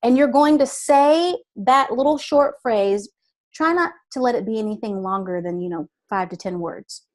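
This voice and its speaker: Woman voice coach, a bit high, patient and deliberate, guest on an interview. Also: darkish tone. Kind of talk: instructive interview talk.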